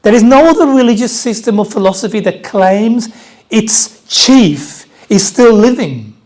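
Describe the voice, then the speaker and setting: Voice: medium pitch, expressive, measured pace, darkish tone. An Australian preacher giving an Easter sermon in a church, conversational, repeating key phrases and joking with the congregation.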